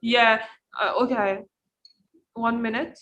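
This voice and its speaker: A woman's voice: fairly high pitch, fairly even intonation, fairly bright tone, highs cut off. A woman with an Egyptian accent teaching English pronunciation in an online class, firm and corrective as she explains. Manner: switches between English and Arabic, quick explanations; insistent, corrective.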